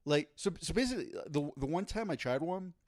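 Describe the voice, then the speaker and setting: A man's voice: fairly high pitch, animated, quick pace, darkish tone. Rambling man telling a story. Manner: rambling storyteller, many restarts and laughs. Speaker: podcast co-host. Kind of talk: casual chat.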